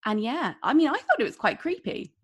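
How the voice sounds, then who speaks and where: Relaxed woman podcast co-host. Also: sits high, fairly quick. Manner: relaxed, laughs between remarks. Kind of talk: casual chat.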